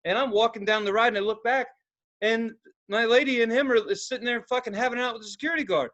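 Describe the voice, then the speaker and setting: A man's voice: very high-pitched, quick pace. A man co-hosting a podcast, telling a story full of swearing and acting out each person in it. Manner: animated, swears constantly, acts out the people in his story. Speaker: podcast co-host. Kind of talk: profane comedic storytelling.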